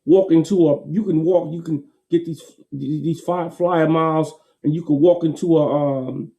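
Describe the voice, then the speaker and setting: Dark-voiced man. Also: on the high side, fairly even intonation, a little slow, highs cut off. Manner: folksy, repetitive, emphatic with laughs. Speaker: motivational talk host. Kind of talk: casual motivational monologue.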